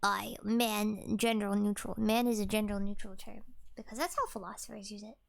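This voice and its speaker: A young woman in a whispered role-play, soft-spoken and rambling, swearing freely and trailing off mid-thought. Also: medium pitch, normal speed, creaky, dry recording. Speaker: ASMR creator.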